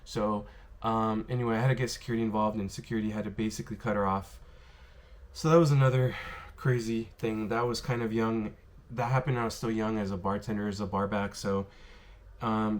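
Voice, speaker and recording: Low-voiced man rambling through bar stories. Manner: rambling, filler-heavy, lots of "you know" and "um". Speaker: former bartender telling stories. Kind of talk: casual storytelling to camera. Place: worked in Las Vegas.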